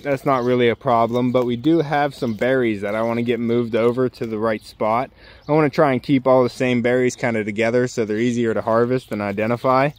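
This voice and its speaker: A man's voice: medium pitch, a little mellow. A man giving a casual walking tour of his homestead garden outdoors, chatting about plants and talking to his chickens and dog along the way.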